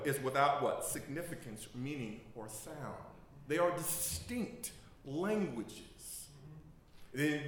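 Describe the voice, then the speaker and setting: A male pastor preaches in a fairly high voice and keeps the tone conversational. He quizzes the congregation and laughs along with them. His voice rings out in a very echoey church. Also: fairly bright tone. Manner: conversational preaching, asks the congregation to fill in words; joking and laughing. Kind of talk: sermon. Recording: very echoey room. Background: congregation responding.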